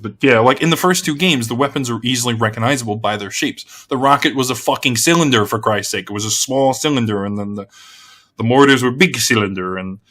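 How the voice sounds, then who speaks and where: A bright, sharp-voiced Australian man tears into a video game in an off-the-cuff rant. He swears constantly and loses his thread, then picks it up again. His pitch stays mid-range for a man. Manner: heavy swearing, blunt and exasperated; rambling with frequent restarts. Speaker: gaming video creator. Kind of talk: casual game review rant.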